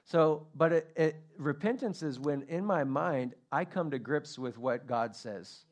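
A man preaching a sermon as pastor, telling a story with animated, acted-out quotes. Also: a little high, measured pace.

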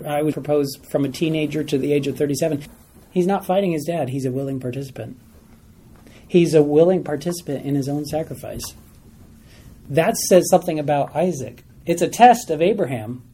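Guy leading a bible study, kinda high voice but mellow, keeps repeating himself and asking the class stuff. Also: slight background noise. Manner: animated, repeats phrases, asks the class questions.

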